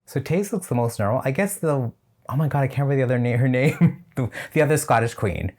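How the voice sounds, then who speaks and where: A man's voice: mid-range voice, expressive, quick pace, darkish tone. A man reviewing a drag competition show in a casual, chatty reaction style, with opinionated and slightly shady asides.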